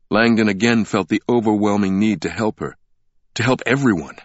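A man narrating a thriller audiobook in a measured, even storytelling manner. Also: on the low side, no echo, lo-fi sound.

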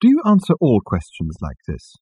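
A man's voice: mid-range voice, huge pitch swings, moderate pace, darkish tone, breathy edge, dry recording, voice pushed up. A man voicing a stiff, businesslike official who asks formal, insistent questions.

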